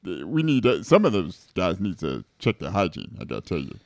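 A man co-hosting a comedy radio show, rambling and halting through his lines with plenty of fillers, from a studio microphone. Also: low-pitched, huge pitch swings, gravelly, no room sound. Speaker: radio co-host.

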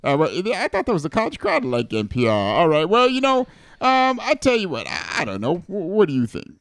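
A man talks in loose, rambling radio banter, stumbling and restarting as his pitch swoops up and down. His voice sits close and dry on a studio microphone. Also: huge pitch swings, a bit bright, no room sound. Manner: rambling, halting, full of fillers. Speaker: radio co-host.

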